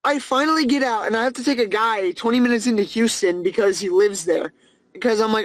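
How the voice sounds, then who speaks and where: Young fast-talking podcast host. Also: medium pitch, no room sound, low-quality recording. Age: young adult. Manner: profane, ranting, quick and animated. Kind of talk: casual comedic storytelling.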